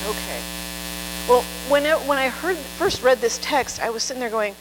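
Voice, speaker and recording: A woman's voice: sits high, lively intonation, moderate pace. Woman preaching in a reverberant church. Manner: warm conversational preaching with quoted voices. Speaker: pastor. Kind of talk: sermon. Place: church sanctuary. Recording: long reverb with mains hum.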